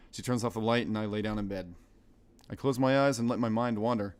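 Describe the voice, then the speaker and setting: A man's voice: lowish voice, brisk, smooth. A young American man streaming, reading a visual novel aloud and rambling between lines. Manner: rambling, animated commentary with laughs.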